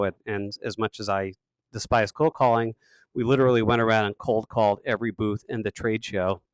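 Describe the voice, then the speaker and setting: A man giving a sales training webinar, talking quickly and with emphatic energy. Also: fairly low pitch, smooth, dry recording. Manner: fast, emphatic, energetic delivery. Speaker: sales coach.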